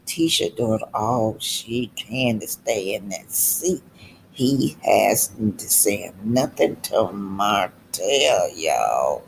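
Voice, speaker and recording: A man's voice: medium pitch, big pitch swings, extremely slow, creaky, slight background noise. A man giving casual, emphatic reaction commentary on a reality show, repeating his points and talking to viewers directly.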